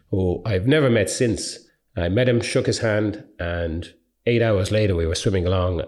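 A middle-aged Irish man and open water swimmer, speaking to students in a rambling, animated storytelling style. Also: low-pitched. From Ireland.

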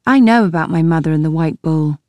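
A woman narrator voicing an earnest young princess who asks questions quickly and directly. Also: low voice, a little mellow, no echo, natural voice.

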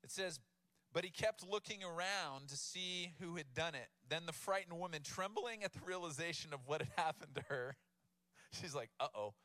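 A man in his thirties delivers a sermon with a casual, joking touch, turning scripture into lively everyday talk. His voice sits a little high and sounds bright and forward. The sound is close and dry. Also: normal speed, dry recording. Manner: casual, humorous, animated storytelling with laughs. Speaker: pastor.

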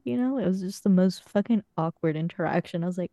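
Fast and warm-toned, a young woman with a fairly low voice hosts a podcast, sharing stories in a casual, chatty way and swearing freely. It's studio quality, without any echo.

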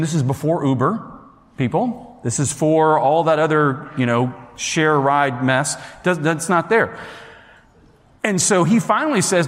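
A man with a fairly bright voice on the high side tells a personal story to an audience in an unhurried, chatty way. He talks straight to the listeners and acts out what people said, and the recording carries long hall reverb.

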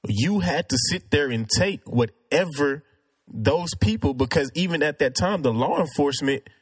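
Male, casual debater, earnest and argumentative, slightly higher pitch. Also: animated, normal speed, breathy edge. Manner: earnest, argumentative, many restarts. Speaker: discussion participant.

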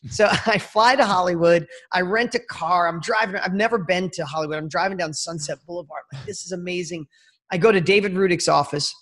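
A man in his fifties, a podcast guest, telling a personal story in an energetic, slangy way and talking straight to the host. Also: high-pitched, brisk. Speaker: interview guest. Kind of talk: casual storytelling.

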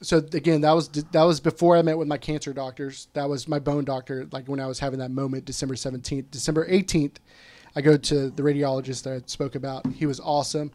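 A man guest telling a personal story in casual conversation, candid and quick to swear, often quoting what others said. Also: on the high side, flat delivery, darkish tone.

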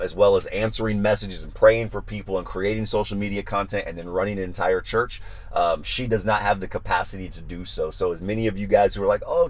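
Speaking in a deep register, this pastor delivers a fervent devotional message over livestream, circling back to the same phrases. He mentions that he tends to get loud.

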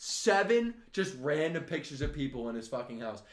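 A young man co-hosting a podcast, telling stories in casual, profane, animated chat. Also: a little high, normal speed, reverberant. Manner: swears a lot, animated storytelling with laughs. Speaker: podcast co-host.

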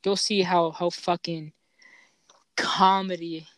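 A man's voice: sits high, level tone, takes it slowly, fairly bright tone, smooth, dry recording. A young man who stutters, hosting a casual chat and telling profane, laughing stories full of fillers. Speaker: podcast host.

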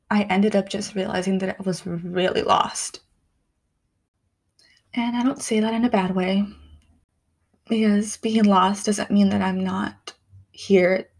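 Young woman, candid vlogger, unhurried delivery, emotional and soft-spoken. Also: medium pitch, creaky. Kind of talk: reflective personal vlog.

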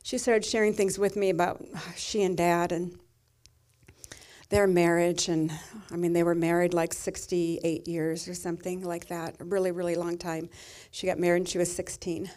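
A woman's voice: lowish voice, flat delivery, normal speed, a little mellow. A middle-aged woman pastor giving a sermon, telling a personal story in a tender, emotional way.

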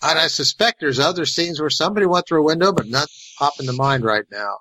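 A man's voice: a little high, fast, pushed and bright, low-quality recording. A man co-hosting a movie podcast, talking conversationally with fillers and hedges. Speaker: podcast co-host. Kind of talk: casual podcast chat.

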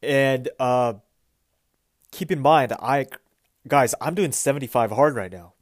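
A man hosting his own weekly podcast, telling a story in a relaxed, rambling way with fillers and restarts. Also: medium pitch, measured pace, no room sound, studio quality. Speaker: podcast host. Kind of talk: casual solo podcast storytelling. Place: Pacific Northwest US.

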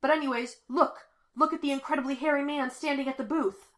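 A woman voicing an intense, conspiracy-minded teenage boy who bursts into loud, excited outbursts. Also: high voice, a little fast, pitched above the performer's own voice.

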